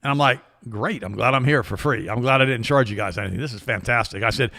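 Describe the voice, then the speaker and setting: Fast, lively older man with a gravelly voice. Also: mid-range voice. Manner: animated, acts out quoted people in his stories. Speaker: co-host. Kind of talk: casual storytelling chat.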